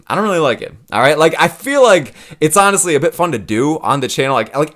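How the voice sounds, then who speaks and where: A man's voice: medium pitch, animated, quick pace, few pauses, a bit bright. A young man hosting his channel in casual chat, swearing freely, laughing and tagging "all right?" onto lines. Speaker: channel host.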